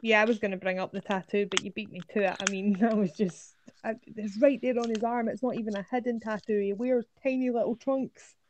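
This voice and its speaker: A woman co-hosting a podcast who gives her opinions in a measured, casual chat. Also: medium pitch, fairly even intonation, a little mellow, a little hiss or hum. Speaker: podcast co-host. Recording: dull lo-fi sound.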